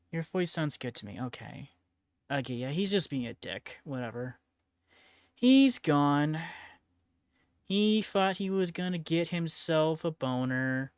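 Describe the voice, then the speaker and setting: A woman's voice: extremely low pitch, clear, resonant tone, no room sound, studio quality. A woman streaming in casual chat while painting miniatures, laid-back, laughing often and swearing freely. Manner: laid-back, giggly and profane.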